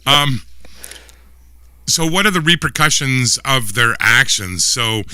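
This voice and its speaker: A man's voice: medium pitch, animated, takes it slowly, bright, forceful tone, smooth, dry recording, studio quality. A man, co-hosting a casual political livestream chat, rambling with restarts and frequent laughter. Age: 50s. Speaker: livestream co-host.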